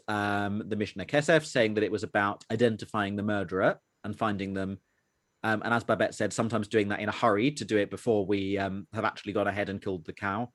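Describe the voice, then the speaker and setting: A man's voice: fairly low pitch, no echo, clean studio sound. A man leading a religious study session, explaining texts at length and putting questions to the group. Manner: explanatory, asks the group questions, many fillers. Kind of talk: teaching a group discussion.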